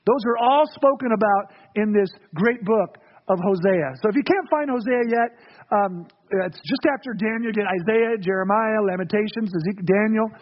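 Husky high-voiced preacher. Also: male voice, normal speed, dull audio. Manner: casual, joking preacher who calls the congregation to repeat phrases. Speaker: pastor. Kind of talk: sermon. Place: church sanctuary.

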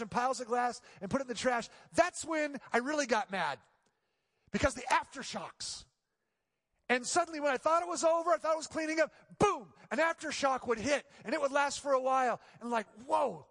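A middle-aged male pastor tells a story from the pulpit, his voice sitting high and swelling into loud, pleading cries. The sound rings with the long reverb of a church sanctuary. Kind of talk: sermon.

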